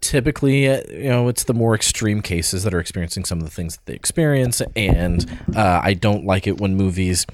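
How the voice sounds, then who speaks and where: A man's voice: deep voice, brisk, hardly any pauses, dry recording. Rambling man reviewing a film. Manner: rambling, many restarts and fillers. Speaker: podcast co-host. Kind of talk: casual film review chat.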